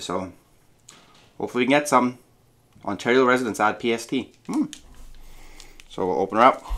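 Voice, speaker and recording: Casual male vlogger, mid-pitched, chatty, thinks out loud. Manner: chatty, muses aloud with hums. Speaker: card-opening vlogger. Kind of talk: casual unboxing chat.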